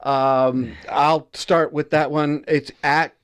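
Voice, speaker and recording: A man's voice: on the high side, flat delivery, takes it slowly, clear, resonant tone. A man anchoring a casual football picks segment, chatty and jokey, often stumbling over his words. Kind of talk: casual sports picks chat.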